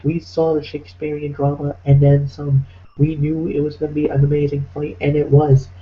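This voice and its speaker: A man hosting a casual podcast recap, speaking in a steady, measured way. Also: a little high. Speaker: podcast host. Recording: dull lo-fi line with faint noise.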